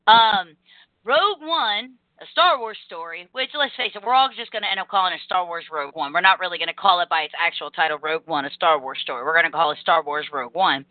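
A young adult woman hosting a casual podcast, talking in fast energetic rambles and acting out quotes. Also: on the low side, dry recording. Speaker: podcast host. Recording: tinny phone-line call audio.

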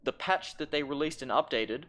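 A man's voice: fairly high pitch, normal speed, a bit bright. A young man co-hosting a casual podcast, talking in long rambling runs with frequent swearing and stammered restarts. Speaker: podcast co-host. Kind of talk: casual chat.

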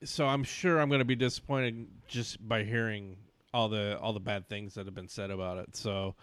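A man's voice: lowish voice, steady tone, normal speed, fairly bright tone, clear, resonant tone. A man hosting a movie podcast in casual banter, steering the talk and asking his co-hosts for their picks. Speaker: podcast host. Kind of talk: casual film-review banter.

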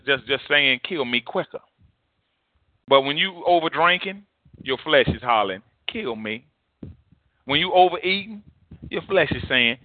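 A man's voice: on the high side, no room sound. A male pastor preaching a sermon in an impassioned, emphatic way, repeating phrases for effect, heard over a tinny phone-like line.

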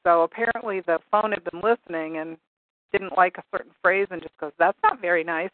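A woman hosting a radio call-in show chats casually, telling a rambling, amused story. Her voice is on the low side and fairly quick. The recording is dry, with a tinny phone-line sound.

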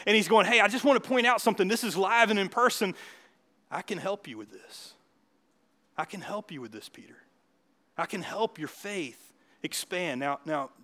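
Bright, high-voiced preacher man. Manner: conversational preaching with frequent rhetorical questions; swings between loud emphatic bursts and quiet asides. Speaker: pastor. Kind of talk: sermon.

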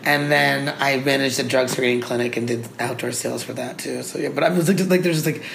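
A woman's voice: extremely low pitch, fairly even intonation, quick pace, vocal fry. A woman comedian in a casual chat, talking candidly and rambling, with frequent laughter. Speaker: stand-up comedian, guest. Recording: roomy with faint ambient noise.

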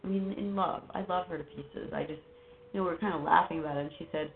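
Low, gravelly woman guest, halting and rambling, heard over a tinny phone line. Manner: halting, rambling, with many fillers and restarts. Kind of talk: casual personal conversation. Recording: phone-like line with faint noise.

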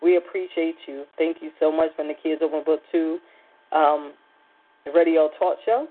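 A woman's voice: low-pitched, moderate pace. A woman hosting a radio talk show, telling a personal story in a rambling, chatty way with many fillers. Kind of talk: casual chat. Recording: phone-like lo-fi radio line.

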